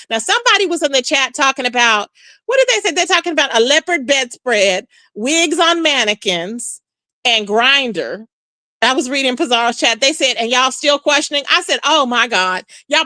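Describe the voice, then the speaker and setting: A woman's voice: sits high, moderate pace, no echo. A woman hosting a live stream, chatting casually with viewers and reacting to comments with lots of "child". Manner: chatty, animated, says "child" often.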